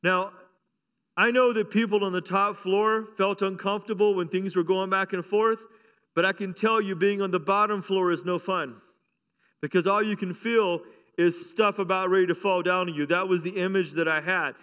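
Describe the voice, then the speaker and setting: Middle-aged pastor guy preaching, high smooth voice, lively and funny. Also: normal speed. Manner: fervent preaching with call-outs and humor. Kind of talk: sermon. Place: church sanctuary. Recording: long hall reverb.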